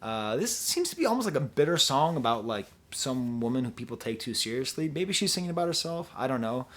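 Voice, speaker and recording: A man talks through a concert video in a loose, casual review at a middle pitch. His sentences wander and trail off, then he picks them back up. It sounds like unscripted chat rather than a prepared script. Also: very animated, fairly quick, a bit bright. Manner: rambling, digressive, self-interrupting. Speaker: music reviewer.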